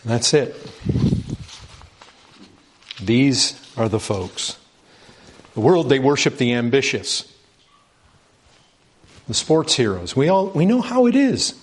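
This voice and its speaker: A man's voice: slow, long pauses. Impassioned preacher man, rising rhetorical questions. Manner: animated, rhetorical questions, pitch rising with emphasis. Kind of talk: sermon.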